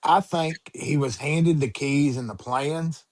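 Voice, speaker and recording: A man's voice: fairly high pitch, takes it slowly, a little mellow. A man co-hosting a podcast, blunt and swearing freely in casual chat.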